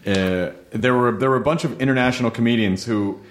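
A man hosting a casual interview, speaking loosely with relaxed swearing and halting restarts. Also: mid-range voice.

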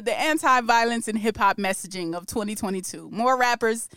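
A woman's voice: fairly high pitch, fairly quick, a bit bright, no room sound, studio quality. A woman hosting a podcast, chatting casually and with strong opinions about music news, laughing often. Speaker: podcast host.

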